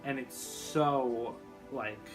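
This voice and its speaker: A man casually vlogging about video games, excitable and gushing, rambling with lots of fillers. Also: medium pitch, drawn-out words, music in the background. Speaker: YouTuber. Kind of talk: casual gaming vlog.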